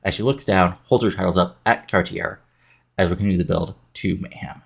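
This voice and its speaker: A man's voice: sits low, fairly even intonation, fairly quick, vocal fry, husky. A man casually recapping his wrestling booking game, rambling with fillers and correcting himself. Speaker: let's play narrator.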